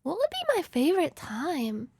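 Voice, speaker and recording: A woman streamer with a very high voice edged by a gravelly fry, talking casually over her game. She is excitable and rambling, bursting into mock-angry cursing rants. The sound is close and dry, with no room around it. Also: moderate pace, dry recording. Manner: rambling, giggly tangents.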